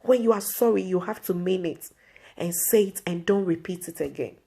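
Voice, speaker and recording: A woman's voice: on the low side, moderate pace, creaky, mellow, slightly rough. A woman vlog host giving an earnest inspirational faith talk to camera, repeating her pleas.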